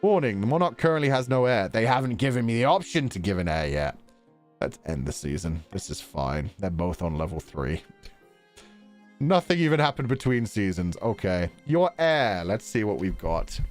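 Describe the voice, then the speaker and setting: Low-voiced guy streaming a game, joking and swearing, voice bouncing all over, faint music behind. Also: very animated, moderate pace. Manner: joking, profane, laughs a lot. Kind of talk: casual game-stream commentary.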